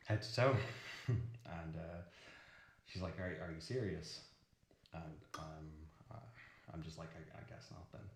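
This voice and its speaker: Young man, very deep voice, halting confessional monologue, echoey room. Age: young adult. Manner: halting, many restarts and nervous laughs. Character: awkward young man recounting an uncomfortable night. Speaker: interviewee in a verbatim film. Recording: roomy echo.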